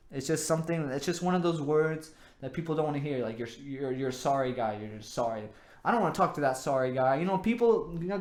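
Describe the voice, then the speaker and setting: A man's voice: on the high side, roomy sound. A young man hosting his own show, giving earnest, rambling dating advice full of "you know" and repeated words. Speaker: host. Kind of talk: casual advice monologue.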